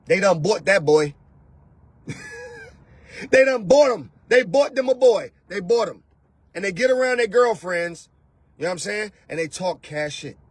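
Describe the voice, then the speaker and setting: Husky-voiced man ranting loudly. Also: sits high, lively intonation, unhurried, pauses often, no echo. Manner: loud, mocking, switches into soft mimicking voices. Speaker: host. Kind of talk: animated rant to camera. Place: lives in Atlanta.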